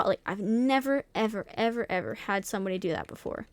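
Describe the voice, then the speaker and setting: A woman's voice: medium pitch, animated, brisk, no room sound. A young woman streamer in casual chat, talking candidly and swearing freely, with many restarts and fillers.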